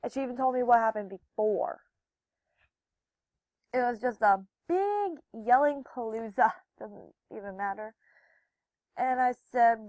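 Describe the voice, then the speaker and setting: High-voiced young woman telling a story. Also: lively intonation, a little slow, no echo, poor audio. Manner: acts out the quoted voices with loud, high bursts; drops soft and quiet when wistful. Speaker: vlogger. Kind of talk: personal storytime.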